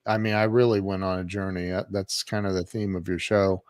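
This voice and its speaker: A man in his fifties, a guest on a podcast, tells his life story in a lively, conversational way, with frequent restarts and fillers. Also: low-pitched, a little fast, no echo. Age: 50s.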